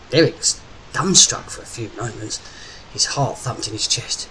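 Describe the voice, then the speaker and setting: A man narrates in a steady, even reading voice at a middle pitch. A constant noisy hiss sits under the recording. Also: moderate pace, hardly any pauses. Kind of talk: audiobook narration.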